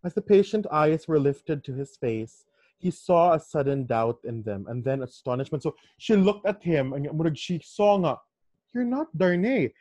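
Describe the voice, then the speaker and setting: A man's voice: on the high side, expressive, normal speed, a little mellow, dry recording. A man reading a classic novel aloud, breaking off for chatty, enthusiastic asides. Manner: chatty, enthusiastic asides, mixes in local words. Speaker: book reader. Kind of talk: casual book reading with commentary.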